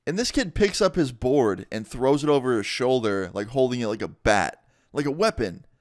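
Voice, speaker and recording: A young man casually telling a storytime vlog with animated delivery and heavy swearing. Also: mid-range voice, moderate pace, no echo, clean studio sound. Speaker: vlogger.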